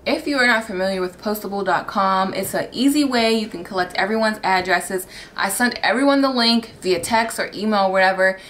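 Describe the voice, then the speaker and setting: A woman in her thirties from the United States vlogging casually and candidly, laughing often and getting animated when she is exasperated. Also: medium pitch, fairly quick, slight background noise. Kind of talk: casual wedding-planning vlog.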